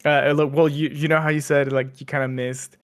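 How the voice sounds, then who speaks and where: A man's voice: a little high, little pitch movement, a little fast. A man co-hosting a podcast, chatting casually with lots of fillers and restarts. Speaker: podcast co-host. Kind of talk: casual chat.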